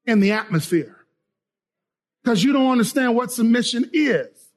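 High-voiced fiery male preacher. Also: normal speed. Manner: fiery, call-and-response preaching that swings from loud shouts to quiet prayer. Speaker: pastor. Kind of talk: sermon. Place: church sanctuary with a congregation.

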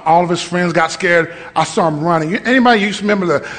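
A high-voiced man preaches a sermon, telling stories and calling on the congregation to answer back. He builds from conversational passages up to shouted peaks. His voice carries a long reverb from the hall around him. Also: fast talker. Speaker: pastor. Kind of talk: sermon with call-and-response. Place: church hall with live congregation.

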